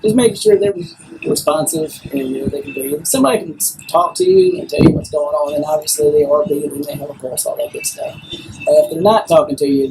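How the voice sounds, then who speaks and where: A man's voice: on the high side, creaky. A middle-aged man, an athletic trainer, explaining procedures in a practical, step-by-step way. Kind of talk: explanatory interview. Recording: noisy interview audio.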